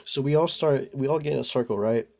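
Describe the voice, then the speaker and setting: A man's voice: medium pitch, fast talker, a little mellow. Laid-back young man telling a story. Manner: rambling, laid-back, lots of "bro" and "like". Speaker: vlogger. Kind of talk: casual storytelling.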